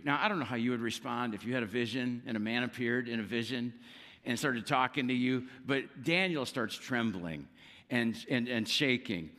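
A man preaching a sermon, telling a scripture story with lively emphasis and acting out quoted lines. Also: mid-range voice, moderate pace, long reverb tail. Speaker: pastor.

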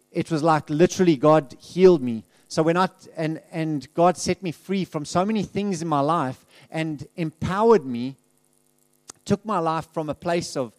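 A man's voice: fairly high pitch, darkish tone, no echo. A middle-aged man giving a candid, conversational testimony as a guest speaker in a church, laughing often and restarting his sentences.

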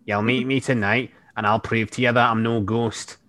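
A man reading aloud, voicing a brooding young man with a soft, slightly sad low voice. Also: level tone, moderate pace, natural voice. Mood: earnest.

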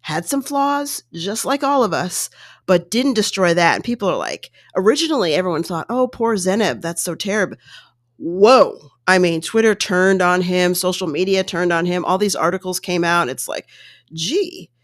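Woman, casual monologue, lively ups and downs, dry close sound, exasperated retelling. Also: on the low side, moderate pace, no room sound. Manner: animated, exasperated retelling with quoted voices.

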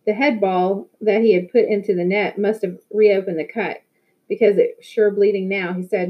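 A woman's voice: medium pitch, normal speed. Woman narrating a novel, lo-fi sound. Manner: lively storytelling, occasional restarts. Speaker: audiobook reader. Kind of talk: first-person novel narration.

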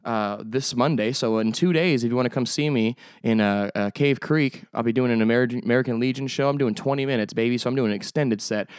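A young man hosts his own podcast in loose, rambling chat, swearing freely and joking as he goes. His voice is smooth and resonant, and the sound is close and dry with no room echo. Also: medium pitch, fairly quick, hardly any pauses. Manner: rambling, profane, jokey. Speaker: podcast host. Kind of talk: casual solo podcast chat.

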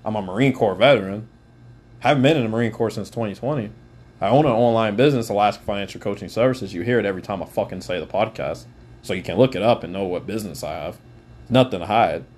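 A man's voice: fairly low pitch, fast talker, darkish tone, breathy edge. A man in his twenties delivering an angry, profane rant as a podcaster, swearing often and speaking straight to the listener. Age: 20s. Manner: heated, swears often, direct address.

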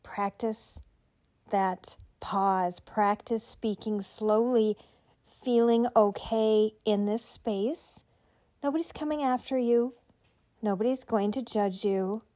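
A woman's voice: medium pitch, slow, mellow. A middle-aged woman hosting a podcast, giving writers friendly, conversational tips. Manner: encouraging, conversational, tells listeners what to do. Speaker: podcast host and writing coach. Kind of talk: instructional podcast talk.

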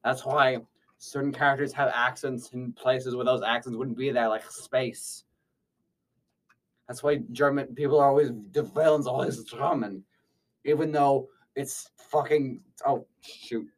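A man's voice: medium pitch, steady tone, a little slow, far from the mic. A man improvising a comedy interview as an evil scientist, rambling and goofy, often correcting himself.

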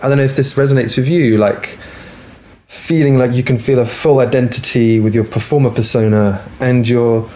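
A man's voice: medium pitch, steady tone, normal speed, mellow. A man in casual conversation as host, speaking in a reflective, earnest way.

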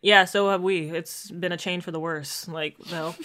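Bright-voiced sarcastic woman chatting. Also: on the low side, sing-song, slow pace, long pauses. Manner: sarcastic, laughing, reads emails aloud mockingly. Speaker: podcast co-host. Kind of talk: casual chat.

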